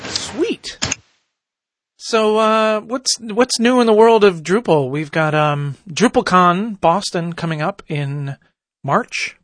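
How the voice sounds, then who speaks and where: A man's voice: sits high, takes it slowly, a bit bright, dry recording. A man hosting a casual podcast, talking loosely with lots of fillers and restarts. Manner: rambling, many fillers and restarts. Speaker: podcast host.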